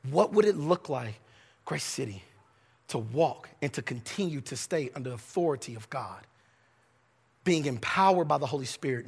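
A man's voice: medium pitch, animated, moderate pace, creaky, breathy edge, in a large hall. A male pastor preaching a sermon, building emphatic repeated phrases and stumbling into restarts now and then.

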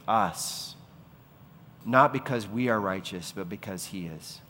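A man's voice: lowish voice, slow pace, pushed and bright. A man preaching a sermon as pastor, asking rhetorical questions and swelling to impassioned peaks. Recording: long reverb of a large hall.

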